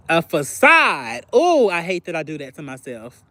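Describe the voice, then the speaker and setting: A young man talking candidly on a livestream, confiding and expressive, acting out bits of phone conversations and often clearing his throat. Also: high-pitched, moderate pace, no echo. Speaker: livestream host. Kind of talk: candid personal livestream chat.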